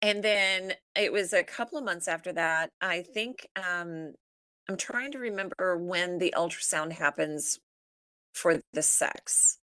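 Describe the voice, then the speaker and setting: A woman's voice: on the low side, measured pace, sharp tone, clear, resonant tone, dry recording. A middle-aged woman who is a podcast guest, chatting casually and acting out family dialogue as she tells a story.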